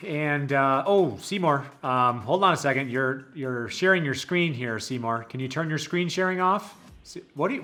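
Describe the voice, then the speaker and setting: A young adult man playing a teacher who patiently coaxes a puppet student through a video call, gently exasperated. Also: medium pitch, animated, normal speed, heavy background noise. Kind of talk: comic scripted video call skit.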